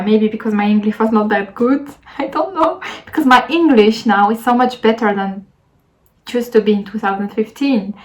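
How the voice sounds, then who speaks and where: A woman's voice: fairly high pitch, poor audio. Chatty young French woman vlogging. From France. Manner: chatty, rambling, many fillers and restarts. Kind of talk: casual storytime vlog.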